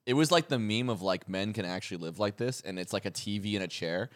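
A man's voice: fairly low pitch, fast. A man guest on a casual podcast who jokes and swears casually. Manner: animated, swears casually, jokey.

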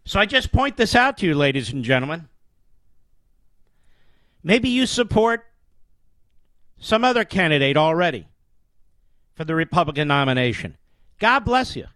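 A man with a fairly high voice delivers a forceful, declamatory political monologue as a talk show host. He hammers his points home with repeated phrases. The recording is dry and close, with no room echo. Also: very animated, normal speed, pauses often. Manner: emphatic, declamatory, heavy rhetorical repetition.

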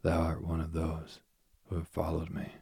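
A proud young man rebuffs an admirer with cold scorn, in a slow bedtime-story voice, as a man reads his lines. The tone is very deep and flat, husky and breathy. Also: dry recording, studio quality, full character voice. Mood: scornful.

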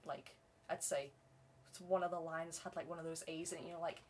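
A woman's voice: sits low, steady tone, brisk, slight background noise. A young woman from England with a Southern English accent, a voice actor chatting casually and often laughing. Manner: laughs often, quotes others in put-on voices. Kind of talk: casual chat.

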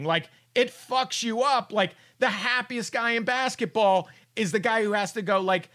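A man's voice: high voice, moderate pace, hardly any pauses, pushed and bright. A man hosting a casual sports chat, riffing with profane, sarcastic humor.

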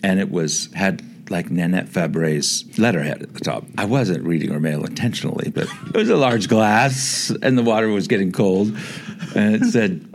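A man's voice: low-pitched, normal speed, a little hiss or hum. A man telling a rambling story as a guest in a casual interview, full of asides and fillers.

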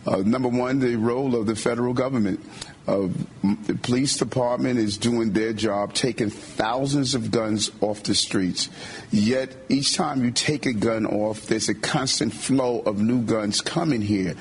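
A man giving measured, deliberate remarks at a press conference, in a mid-range voice. A faint hum of ambient noise sits behind him. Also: medium pitch, steady tone. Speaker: city official at a press conference.

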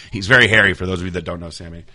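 A man's voice: sits low, no room sound. A young man hosting a podcast, telling gym stories in casual chat and acting out quotes with laughs. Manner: fast, animated storyteller who acts out quotes with laughs. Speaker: podcast host, bodybuilder.

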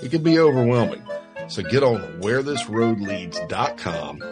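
A man's voice: medium pitch, big pitch swings, moderate pace. A man, a show host reading a sponsor ad in an upbeat, folksy way. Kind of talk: ad read. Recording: music bed under the voice. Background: music.

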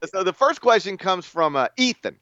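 A man's voice: sits high, very animated, normal speed, pushed and bright, dry recording, dull audio. A man hosting a college sports podcast, reading listener questions in a rambling, self-deprecating way. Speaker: podcast host. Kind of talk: casual podcast chat.

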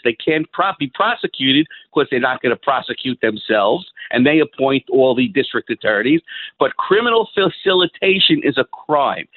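A man calling in to a radio talk show, ranting in an agitated, halting way with lots of restarts. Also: on the high side, husky, no echo. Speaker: caller. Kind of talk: call-in radio rant. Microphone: phone. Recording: tinny phone line.

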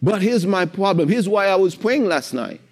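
Man, high voice, emotional faith testimony, earnest storytelling, recorded in a warehouse. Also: sing-song, normal speed. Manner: emotional, earnest, repeats himself while retelling. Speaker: Christian literature publisher sharing a testimony. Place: in his warehouse.

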